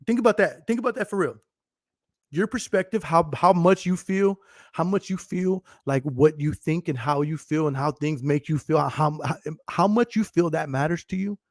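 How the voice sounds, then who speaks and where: A man's voice: on the high side, normal speed, no room sound. A man in his thirties hosting a podcast, talking casually to a live stream, emphatic and profane and often laughing. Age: 30s. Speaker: podcast host. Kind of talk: casual livestream monologue.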